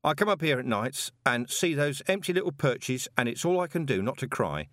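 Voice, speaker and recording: A man's voice: mid-range voice, big pitch swings, fairly quick, a bit bright, no room sound, studio quality, pitched above the performer's own voice. A man voicing a mournful, mock-sincere male oddball with a plaintive tone in an audiobook.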